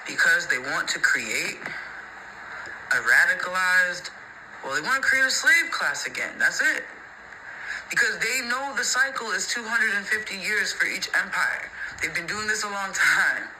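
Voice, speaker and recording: High-voiced guy ranting to camera, real emphatic, keeps repeating himself, bit of hiss behind. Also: expressive, measured pace, bright, forceful tone, poor audio. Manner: heated, emphatic, repeats points, profane, mocking. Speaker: social media creator. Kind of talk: opinionated rant to camera.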